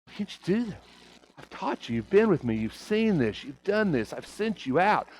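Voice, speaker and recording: A man preaches in a high-pitched voice with big swings in pitch and a moderate pace, using rhetorical questions and moving between hushed and raised delivery. His accent is lightly Oklahoma Southern, and the recording is low quality.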